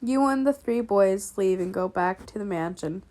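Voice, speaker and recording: A woman's voice: mid-range voice, moderate pace, a little mellow. A young woman casually reading a fan story aloud, laughing often, swearing and breaking off to react. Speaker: fanfic reader.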